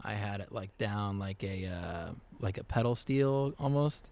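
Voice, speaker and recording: A man chatting easily as a musician guest, telling stories with lots of fillers and quick laughs. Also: on the low side, expressive, darkish tone. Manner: easygoing, laughs often, many fillers and restarts. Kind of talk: casual interview chat.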